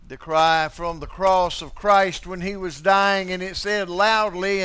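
A man preaching a sermon, swinging between loud declarations and hushed asides, and repeating key phrases for emphasis. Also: sits high, smooth.

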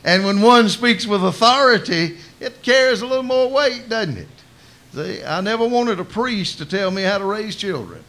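A male preacher delivering a sermon like a told story, folksy and full of colloquial asides. His voice is bright and ringing and sits fairly high for a man. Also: expressive, moderate pace.

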